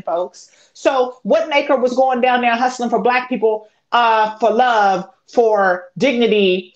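A woman lawyer co-hosting a livestream, talking in a heated, emphatic, profane way. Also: medium pitch. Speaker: co-host and lawyer. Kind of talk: livestream commentary. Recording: dull lo-fi audio.

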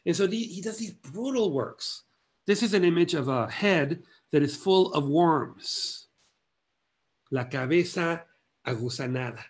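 Man, art history lecture, slightly high voice, very unhurried, halting phrasing. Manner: measured, halting phrases with long pauses.

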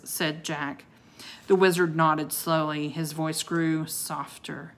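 A woman reading a children's book aloud, expressive and giving each character a voice. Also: low-pitched, measured pace. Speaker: audiobook reader.

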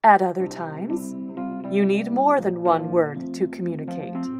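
Slow, lively woman reading a children's book. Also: fairly low pitch. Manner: expressive, acts out the quoted lines. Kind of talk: children's book read-aloud. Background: instrumental music.

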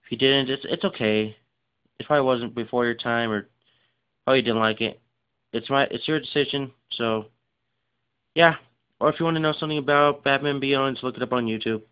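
A man's voice: mid-range voice, clean tone. Tired, rambling man on lo-fi audio. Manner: rambling, filler-heavy, rushed. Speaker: game collection vlogger. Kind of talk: casual unscripted show-and-tell. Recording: dull lo-fi recording.

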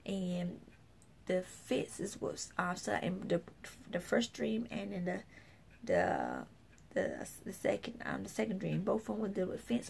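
A woman's voice: medium pitch, creaky, a little mellow, husky. A woman minister telling a personal story in a casual, rambling way, full of fillers and restarts, often acting out what others said. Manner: acts out other people's remarks. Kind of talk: casual spoken testimony.

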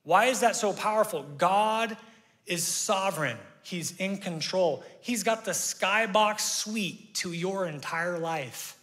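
A man preaching a sermon as pastor, conversational and energetic, leading the congregation in call-and-response. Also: high-pitched, takes it slowly. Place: church sanctuary. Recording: reverberant church hall.

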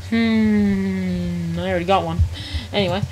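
A woman's voice: medium pitch, fairly even intonation, unhurried, a little mellow, soft background music, poor audio. A woman live-streaming a game, chatting casually in slangy speech and reacting aloud to chat.

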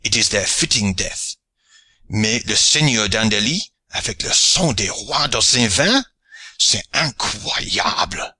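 A man's voice: lowish voice, lively intonation, slow, sharp tone, breathy edge, full character voice. A man voicing a defiant captured male French pirate lord who speaks broken English with a French accent and bursts out in scorn. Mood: scornful. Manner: indignant, scornful outbursts.

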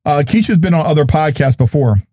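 Playful, hype podcast host, dry close sound. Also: male voice, on the high side, lively intonation, brisk, warm tone, no echo. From New Jersey. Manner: playful, hype, jokey banter. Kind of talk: lively podcast chat.

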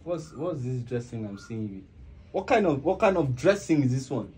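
A man's voice: medium pitch, sing-song, moderate pace, darkish tone, natural voice. A man acting a hardworking husband in a web skit, stammering and indignant as he defends himself.

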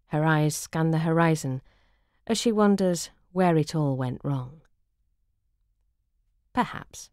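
A woman reading her travel memoir aloud as narrator, dry and wry in a measured way. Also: low voice, a little mellow, no room sound.

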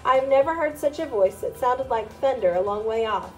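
Woman, storybook reading, steady narration, slightly high voice, soft music underneath. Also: moderate pace, poor audio. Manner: steady first-person narration. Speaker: reader. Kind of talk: storybook read-aloud.

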